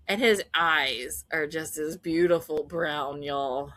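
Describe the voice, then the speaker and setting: A woman podcast host giving a casual, animated fan recap, gushing and laughing often. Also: low-pitched, slow pace, few pauses, no room sound.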